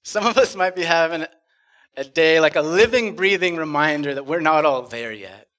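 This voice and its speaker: A man on a conference stage performing spoken-word poetry, rhythmic and dramatic, swinging from loud bursts to hushed lines. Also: a little high, normal speed. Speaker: conference speaker.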